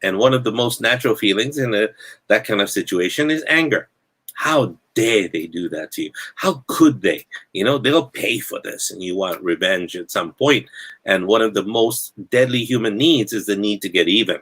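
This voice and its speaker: Guy with a lowish voice talking slowly thru feelings, lots of ums and restarts. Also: lively intonation, fairly bright tone, husky. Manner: halting, many fillers and restarts. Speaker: podcast host. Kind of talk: reflective casual talk.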